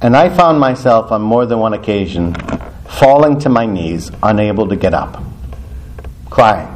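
A man's voice: lowish voice, lively intonation, unhurried. A male priest preaching in a church, telling stories animatedly, often laughing and acting out the dialogue. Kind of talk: storytelling sermon.

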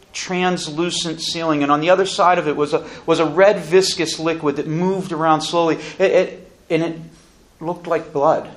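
Man, solemn personal testimony, deliberate pacing, restarts, a bit higher-pitched. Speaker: speaker giving a personal testimony. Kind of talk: earnest spoken testimony.

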